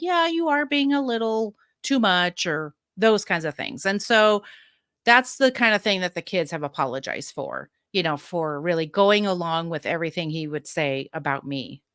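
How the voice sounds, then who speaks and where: A woman's voice: fairly low pitch, lively intonation, normal speed, a bit bright, no room sound, studio quality. A woman in her fifties, a podcast guest telling her personal story candidly, frank and emphatic, laughing between points.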